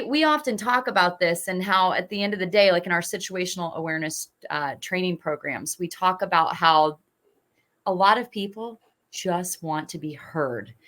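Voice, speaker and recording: A woman's voice: on the low side, fairly bright tone. A woman podcast host sets up a question in a reflective, conversational way. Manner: reflective, tags ideas with "right?". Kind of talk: interview questions.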